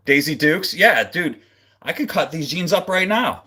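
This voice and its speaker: A laid-back man rambles through a casual livestream chat, chuckling as he goes. His pitch moves around a lot, and he takes his time with words. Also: animated, unhurried, bright, forceful tone. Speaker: livestream host and guitarist. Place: home streaming setup, seated.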